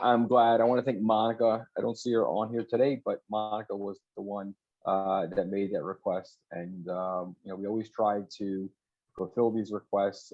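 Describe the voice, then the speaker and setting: A man's voice: on the low side, a little mellow, dull audio. Upbeat man hosting a video call. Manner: upbeat, encouraging, repeats words often. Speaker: co-host of online talk show. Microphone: video call audio.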